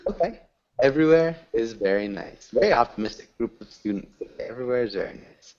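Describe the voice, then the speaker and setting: A man leads an English lesson over a video call, his voice rising and falling in a very lively way. He keeps praising and encouraging his students. The audio is dull and lo-fi. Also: medium pitch, fairly quick. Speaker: English teacher. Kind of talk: online language class.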